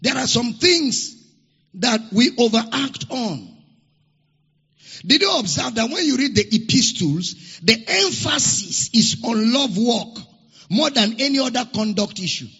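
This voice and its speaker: A man's voice: very high-pitched, very animated, measured pace, vocal fry, pushed and bright, slightly rough. A man preaching a sermon as a pastor, stressing points by repeating phrases, in a church hall. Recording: dull lo-fi recording with long hall reverb.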